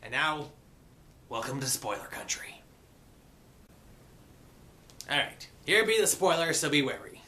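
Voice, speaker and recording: A man's voice: mid-range voice, big pitch swings, measured pace, long pauses, bright, forceful tone. A man giving a casual recap and review of a cartoon episode, slipping into mock pirate grammar.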